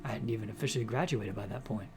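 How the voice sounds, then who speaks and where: A man voicing a calm, reflective middle-aged senior doctor who speaks slowly and kindly, in a somewhat lower voice. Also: lightly acted. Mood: reminiscing. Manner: calm, slow, fatherly storytelling.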